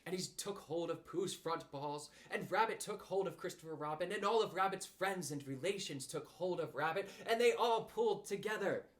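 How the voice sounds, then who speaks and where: A man reading a children's storybook aloud in an animated, expressive way. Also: high voice, normal speed, hardly any pauses. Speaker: audiobook reader.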